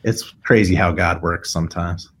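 A man's voice: sits low, moderate pace. A middle-aged man, a tattoo artist, telling a personal story in casual conversation and acting out what others said. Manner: animated storyteller, acts out quoted voices.

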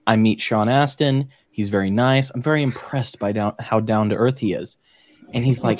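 A man telling a story in casual chat with friends, animated and swearing, acting out the quoted voices. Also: medium pitch, moderate pace, background noise.

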